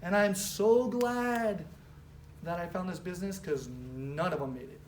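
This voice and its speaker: Animated woman speaking in a roomy hall. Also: on the low side, measured pace. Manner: animated, casual, with frequent fillers. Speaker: speaker at a business training. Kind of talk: motivational storytelling talk. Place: event room with a live audience. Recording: roomy, distant mic, faint background noise.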